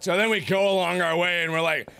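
A man in his twenties hosting a gaming video, loud and goofy, ranting and rambling between frustrated outbursts. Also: high voice, fairly even intonation, fast, vocal fry, clean tone. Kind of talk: let's play commentary.

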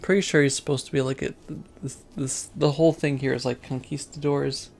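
A man's voice: medium pitch, level tone, fairly quick, vocal fry, darkish tone. A man casually commenting on a video game, rambling and self-mocking with lots of hesitation. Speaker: let's play host.

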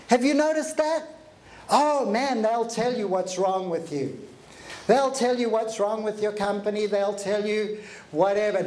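A middle-aged man giving an energetic motivational workshop talk to a live audience. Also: high-pitched, roomy sound, low-quality recording. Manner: energetic, audience call-and-response. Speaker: motivational speaker.

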